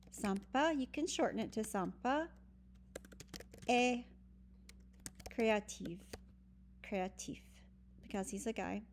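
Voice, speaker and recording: A woman's voice: mid-range voice, vocal fry, darkish tone. Woman, French teacher, walks through worksheet patiently step by step over faint hum; plain mid voice. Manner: patient, explains step by step with many ums. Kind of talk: recorded virtual lesson walkthrough.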